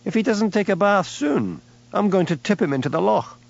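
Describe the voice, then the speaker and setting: A man playing a lazy, easygoing village policeman with a Scottish Highland accent, mild and unhurried. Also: big pitch swings, lo-fi sound. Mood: exasperated.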